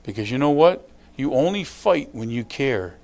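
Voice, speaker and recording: Lively, folksy male pastor preaching. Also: mid-range voice, normal speed, gravelly. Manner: folksy, conversational preaching with acted-out quotes. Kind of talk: sermon.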